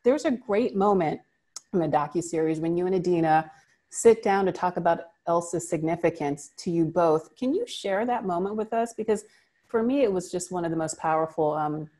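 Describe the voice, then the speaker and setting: A woman with a somewhat low voice moderates a press conference panel. She is upbeat and affirming, steering questions to guests. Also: moderate pace, mellow.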